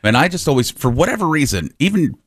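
A man in casual podcast talk, spinning an anecdote and voicing the people in it. His pitch moves a lot, and the recording is close and dry. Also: big pitch swings, fast talker, fairly bright tone, no room sound. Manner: storyteller who acts out quotes. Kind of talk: casual chat.

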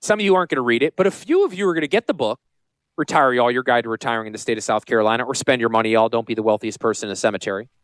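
Joking, rambling radio host, dry studio sound. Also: male voice, medium pitch, very fast, fairly bright tone, clear, resonant tone, no room sound. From Connecticut. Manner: joking, rambling, self-deprecating. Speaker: radio show host and financial advisor. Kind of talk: casual radio talk.

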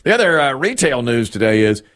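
A man hosting a talk show, chatting casually with animated asides. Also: mid-range voice, brisk. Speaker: radio show host.

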